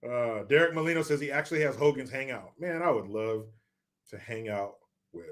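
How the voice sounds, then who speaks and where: A man's voice: medium pitch, a little fast, fairly bright tone. A man reading viewer comments on a live stream, joking, swearing and mock-outraged.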